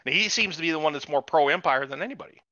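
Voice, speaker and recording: A man's voice: a little high, lively intonation, fast, pushed and bright, no echo. A man hosting a podcast, ranting about a show in casual, profane chat. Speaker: podcast host. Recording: dull lo-fi recording.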